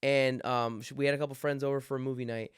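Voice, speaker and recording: A man co-hosting a podcast with his wife, telling a parenting story in a lively, animated way. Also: medium pitch, quick pace, clean tone, no echo, clean studio sound. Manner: animated storyteller, acts out quotes with swearing. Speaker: podcast co-host, father. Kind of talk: casual chat.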